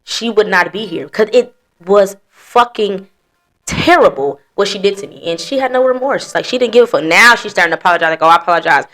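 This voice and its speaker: A woman's voice: mid-range voice, lively intonation, brisk, fairly bright tone. A woman hosting a podcast, telling her story in blunt, profane casual chat. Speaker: podcast host.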